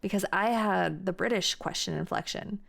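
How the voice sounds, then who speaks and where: An American woman streaming from home, chatting casually with her chat in a rambling way, with quick laughs and frequent restarts. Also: medium pitch, creaky, a bit bright.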